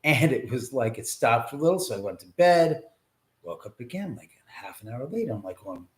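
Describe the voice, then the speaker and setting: A man hosting a live stream from his house, rambling through a story full of swearing and laughter. His voice is of middle pitch, and the room adds a hollow echo around it. His talk is loose and off the cuff. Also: big pitch swings, fairly quick. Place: his home, indoors. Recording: echoey room.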